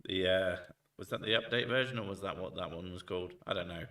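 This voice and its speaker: A man chatting casually and jokingly on stream, swearing now and then and throwing in loud bits. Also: low voice, fast. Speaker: streamer host. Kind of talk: casual chat. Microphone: desk mic set back from him. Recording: echoey room, far from mic.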